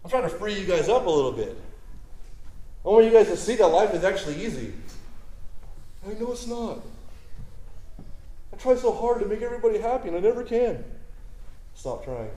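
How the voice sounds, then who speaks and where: Man, pastor, casual conversational sermon, mellow tone, echoey hall. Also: high voice, animated, brisk, long pauses. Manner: conversational, asks the crowd "right?" often.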